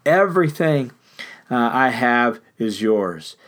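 A preacher voicing a gentle forgiving father. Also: medium pitch, expressive, takes it slowly. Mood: tender. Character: forgiving elderly father welcoming his son.

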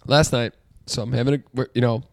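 A man's voice: fairly even intonation, quick pace, creaky, no echo, clean studio sound. A man co-hosting a podcast, telling a story in a casual ranting way and swearing a lot. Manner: ranting, swears a lot, gets loud and high when worked up. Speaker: podcast co-host. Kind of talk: casual chat.

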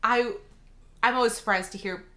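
A woman co-hosting a casual movie review podcast, animated and acting out her reactions. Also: a little high, normal speed. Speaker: podcast co-host.

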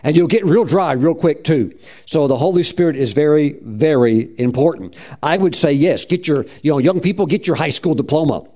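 A man's voice: fairly high pitch, moderate pace, mellow. A man preaching and telling his own story in a rambling, conversational way, with frequent restarts. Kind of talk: testimony sermon.

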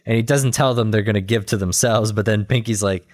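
A man in casual chat, retelling a cartoon episode in a rambling, animated way with quick quoted voices and laughter. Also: lowish voice. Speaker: podcast co-host recapping a cartoon episode.

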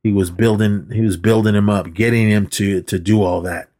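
A man's voice: on the low side, steady tone, moderate pace, mellow. A man casually recapping a movie on a podcast, rambling and acting out the characters' lines. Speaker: podcast co-host.

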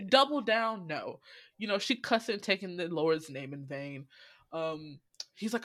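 A woman hosting a podcast, recapping a movie in a casual, profane and animated way, laughing often. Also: fairly low pitch, a little slow, no room sound, studio quality. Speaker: podcast host.

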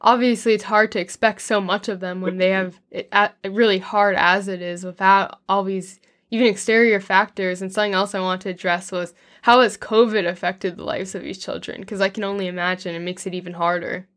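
A woman's voice: mid-range voice, fairly even intonation, fairly quick, a bit bright. Sympathetic woman asking questions. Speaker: interviewer. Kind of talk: interview questions.

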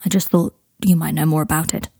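A woman's voice: sits low, little pitch movement, fairly quick, gravelly, mellow, husky, no room sound, studio quality, exaggerated voice. A woman voicing a candid young man who speaks bluntly and offhandedly in a storybook reading. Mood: frank.

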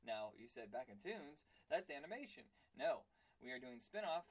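A man's voice: medium pitch, very animated, normal speed. A man hosting a casual film podcast, chatting loosely, laughing often and acting out silly quotes. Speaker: podcast host.

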